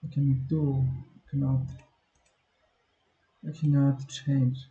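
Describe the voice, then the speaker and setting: A man's voice: mid-range voice, monotone, slow pace, dark tone, roomy sound, muffled recording. A tired man with a Chinese accent, muttering in weary frustration during a casual screen-recording vlog.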